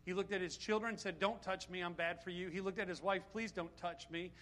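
A middle-aged male preacher with a high, bright voice delivers a sermon. He speaks with emphasis and keeps throwing rhetorical questions at the congregation. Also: steady tone, a little fast.

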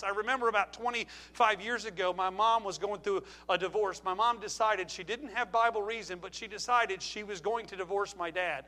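A middle-aged male pastor delivering a sermon in a church, his voice pitched high for a man. He presses his points with rhetorical questions and hammering repetition, in a bright, forceful tone. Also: brisk, few pauses. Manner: emphatic, rhetorical questions and repeated phrases.

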